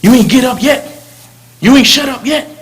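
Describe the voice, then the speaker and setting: A man voicing a stern mother who nags and scolds her young child in rapid-fire threats. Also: high voice, animated, fairly bright tone. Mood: scolding.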